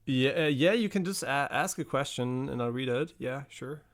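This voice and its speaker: A man's voice: medium pitch, normal speed. A man streaming a video game live, chatting casually with many fillers and swear words.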